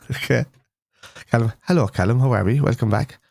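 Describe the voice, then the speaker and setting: A man's voice: mid-range voice, moderate pace, vocal fry, darkish tone. A young man hosting a casual fan live stream, chatting loosely with viewers and rambling through restarts and fillers. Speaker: fan show host.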